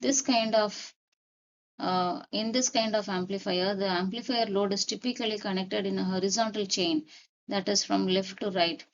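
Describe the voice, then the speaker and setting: Gravelly-voiced woman teaching a lesson. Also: medium pitch, steady tone, dull audio. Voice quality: repeats key points deliberately. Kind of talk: step-by-step lecture.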